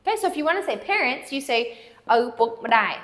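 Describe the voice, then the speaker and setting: Woman teaching slowly with careful repetition. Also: fairly high pitch, big pitch swings, fairly bright tone. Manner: slow, careful repetition of words; writes on a board while explaining. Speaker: language teacher. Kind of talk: language lesson.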